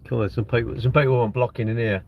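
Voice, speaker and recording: Here the Brit in his sixties talks fast in a gravelly, mid-range voice with a steady tone, and the highs are cut off. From a parked car, phone propped at the windscreen, he casually rambles through viewer comments on his live stream.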